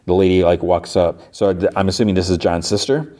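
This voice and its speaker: Man, podcast host, casual rambling recap, filler-heavy, deep voice, dark tone. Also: fairly quick.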